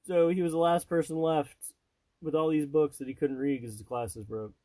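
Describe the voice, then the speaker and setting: A man in his thirties, a podcast host and father, telling stories in animated, casual chat, slipping into voices and laughing. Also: fairly high pitch, moderate pace, dry recording, poor audio.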